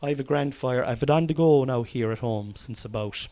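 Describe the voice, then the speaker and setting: Irish man, comedian, casual rambling chat, swearing, mid-pitched voice. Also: brisk, mellow. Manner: chatty, swears often, rambling. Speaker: podcast host, comedian. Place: study by an open fire at home.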